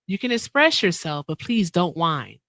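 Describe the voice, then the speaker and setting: A woman hosting a casual livestream, speaking in a lowish, bright, forceful voice. The sound is dry and close. She is blunt and emphatic. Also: big pitch swings, moderate pace, no echo. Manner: blunt, emphatic, repeats herself. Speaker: livestream host.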